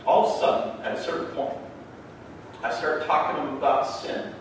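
A man preaching a sermon as a pastor, telling stories in an animated way and acting out the dialogue. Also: on the high side, a little fast. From Canada. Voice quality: animated storyteller who acts out the dialogue in his stories. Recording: very echoey hall, mic far off, faint background noise.

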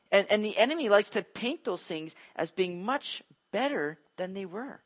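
A high-pitched man preaching a sermon in a loose, conversational way. He gets animated and acts out the voices of the people in his stories, with casual asides along the way. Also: moderate pace. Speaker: pastor. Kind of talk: expository sermon.

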